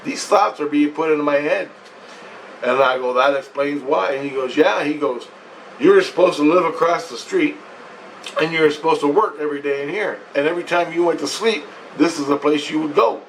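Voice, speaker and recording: Excitable profane man telling a story. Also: a little high, brisk, far from the mic, a little hiss or hum, rough recording. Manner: profane, excited, quotes himself and others animatedly. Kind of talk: rambling personal story. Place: at home.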